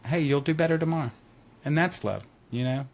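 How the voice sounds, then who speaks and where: A man's voice: fairly high pitch, a little fast, creaky, darkish tone. A man on a podcast telling a personal story in casual chat, acting out quotes and laughing often.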